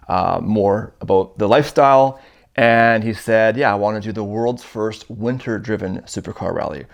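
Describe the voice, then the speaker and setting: A man in his thirties from Canada, telling a story in a casual, animated way. His voice sits a little low, and he acts out the people in his tale as he goes. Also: creaky. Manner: animated, acts out quoted dialogue in his stories. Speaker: storyteller guest. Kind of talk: casual first-person storytelling.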